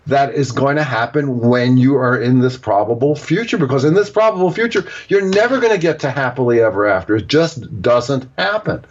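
A man being interviewed as an author, explaining at length and acting out little example quotes as he goes. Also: medium pitch. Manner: digressive, explaining with acted-out examples. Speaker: author and guest. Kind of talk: casual interview talk. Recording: dull lo-fi audio.

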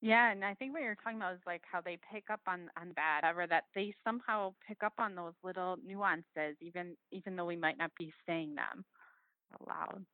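Woman author guest, kinda low voice, reflective, phone-line sound. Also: normal speed, no echo. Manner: thoughtful, reflective, with fillers. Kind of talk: casual interview chat.

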